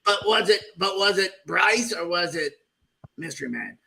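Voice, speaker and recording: A man's voice: high-pitched, lively intonation, moderate pace, creaky, crowd noise. A man putting on a boastful, hammy character host who talks in a showy, rambling, folksy way. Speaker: segment host. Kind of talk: comic character bit on a livestream chat show.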